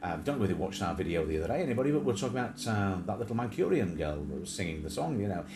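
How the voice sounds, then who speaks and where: A man's voice: deep voice, very animated, racing, hardly any pauses, roomy sound, over music. A man hosting a livestream in casual chat, rambling with many fillers and small asides. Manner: rambling, many fillers, breaks into sung snatches and mimicked accents. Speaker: livestream host.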